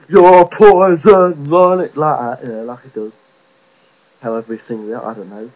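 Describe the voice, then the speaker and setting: Sweary man ranting, lo-fi recording. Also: medium pitch. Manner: rambling, sweary, mocking. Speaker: vlogger. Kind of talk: profane rant to camera.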